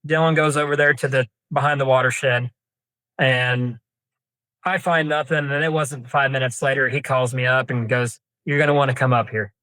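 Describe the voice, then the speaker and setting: A man's voice: medium pitch, fairly even intonation, normal speed, bright, forceful tone, no echo. A young man, a podcast guest telling a long hunting story in a rambling, folksy way with many fillers and restarts. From Kansas. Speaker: podcast guest, deer hunter. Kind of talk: casual storytelling interview.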